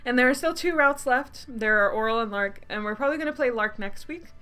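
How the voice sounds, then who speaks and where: A woman's voice: on the high side, a little fast, sharp tone, smooth, faint music behind. A woman streaming a game she helped make, reading the text aloud and chatting casually, laughing often. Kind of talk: casual let's-play narration.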